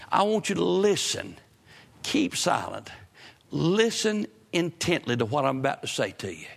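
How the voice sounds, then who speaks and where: Fervent bright-voiced preacher man. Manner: fervent, rising to loud emphatic peaks then dropping low; repeats phrases for emphasis. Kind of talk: sermon.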